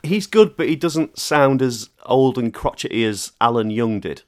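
An animated male host chatting casually about cartoons, breaking into laughter and tossing in jokey asides. His voice sits in a middle range for a man and rises readily when he gets excited. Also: mid-range voice, normal speed. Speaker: podcast host. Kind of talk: casual chat.

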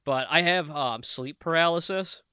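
A man co-hosting a podcast in a bright, slightly high voice, spinning animated stories peppered with swearing and "like". The recording is dry and close, with no room sound. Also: normal speed, clean tone, no room sound. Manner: animated storyteller, swears freely, lots of "like". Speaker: podcast co-host. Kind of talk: casual chat.

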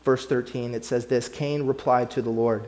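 A man's voice: mid-range voice, steady tone, moderate pace, a little mellow. Earnest man preaching a sermon. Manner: earnest, conversational preaching with repeated phrases. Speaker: pastor.

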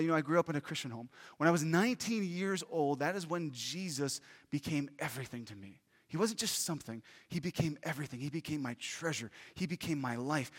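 Male preacher, earnest and animated, a touch high, reverberant sanctuary sound. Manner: earnest, animated storytelling with questions to the congregation. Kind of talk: sermon with personal story. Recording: long reverb of a large hall.

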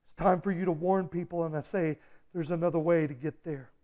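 High-voiced pastor, urgent and pleading. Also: male voice, fairly even intonation, fairly quick. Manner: urgent, swings from hushed to loud and pleading. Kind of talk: sermon.

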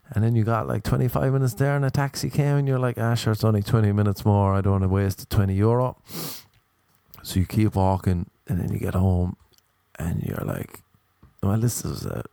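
Gravelly young Irish man ranting. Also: on the low side, mellow, no room sound. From Ireland. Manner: swearing, exasperated ranting. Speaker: stand-up comedian. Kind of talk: rambling comic storytelling.

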